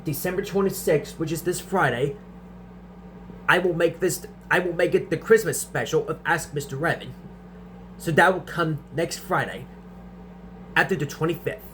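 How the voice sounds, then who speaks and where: A young man with a slightly high voice answers viewer questions in a casual vlog. He stumbles, repeats words and restarts his sentences as he goes, over a faint steady hum. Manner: stutters and restarts sentences often.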